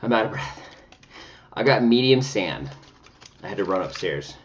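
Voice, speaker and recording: A man's voice: fairly low pitch, very animated, moderate pace, highs cut off, a little hiss or hum. A man talking chattily and dramatically at home while he reviews makeup, full of sassy exclamations. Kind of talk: casual makeup review vlog.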